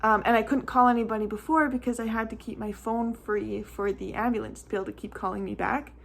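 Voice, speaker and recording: A young mom telling a storytime vlog in a slightly high voice. She rambles casually with lots of "like" fillers, and her talk turns emotional at times, close to tears. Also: fairly even intonation, fast talker, gravelly, a little hiss or hum. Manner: chatty, rambling, many "like" fillers.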